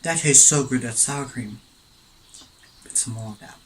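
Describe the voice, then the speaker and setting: Speaking a little slowly in a medium-pitched voice, a mukbang vlogger chats his way through a wandering story, pausing to eat and taste his food at home. The recording is rough, with a little hiss or hum.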